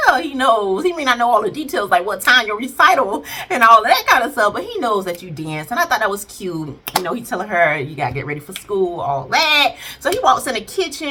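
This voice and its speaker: A woman's voice: mid-range voice, noisy background. A woman chatting casually through a recap of a TV episode, playfully acting out what she would say to the characters. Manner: animated, playfully voices the characters in asides. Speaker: TV series reviewer.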